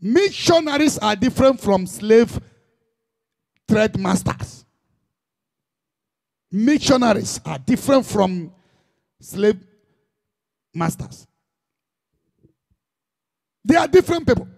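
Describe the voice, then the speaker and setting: A man's voice: high voice, sing-song, slow, gravelly, long pauses, darkish tone. A man with a Nigerian Igbo accent, preaching a sermon as a pastor in an impassioned, emphatic style full of repetition.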